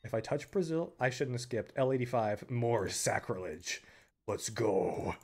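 A young man giving live commentary on a game, excitable, breaking into loud yells and laughter. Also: mid-range voice, a little slow, slightly rough. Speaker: game streamer.

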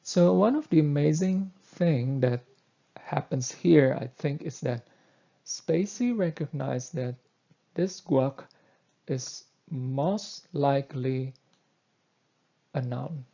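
A man lectures through a coding tutorial at a slow, deliberate pace, pausing on fillers. His voice is dark and husky, and it is set a little high for a man. The recording sounds dull and lo-fi.

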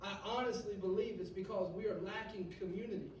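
A man's voice: steady tone, fairly quick. A man preaching a sermon to a student group in a conversational way, often tagging "right?" onto his points. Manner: conversational, rhetorical "right?" asides. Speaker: youth pastor. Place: church hall. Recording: echoey hall, mic from a distance, faint rumble.

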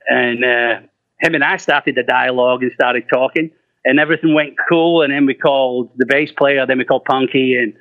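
A man's voice: medium pitch, fairly even intonation, moderate pace, dry recording. A middle-aged man, a rock singer, telling stories in casual talk, swearing freely and acting out the voices of people he quotes. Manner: profane, laughing, acts out quoted voices. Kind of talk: casual storytelling. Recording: muffled, lo-fi, dry.

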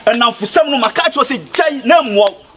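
An actor with a Ghanaian accent playing a boisterous, jokey man in a comedy film, loud and theatrically wailing. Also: extremely high pitch, animated, fairly quick, a little hiss or hum, full character voice. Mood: wailing, comic. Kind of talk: Ghanaian movie acting, mixing Twi and pidgin English.

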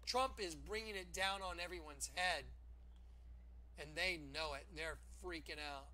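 A man hosting his own online video, talking excitedly and preachily through images on his screen. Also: fairly high pitch, measured pace. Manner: animated and preachy, often laughing. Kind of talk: excited commentary over a screen recording.

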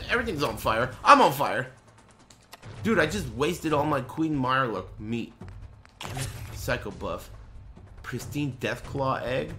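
A man chatting casually while streaming a game, swearing and bursting into shouts and laughs. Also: medium pitch, lively intonation, unhurried, long pauses, soft background music. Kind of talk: casual gaming stream chat.

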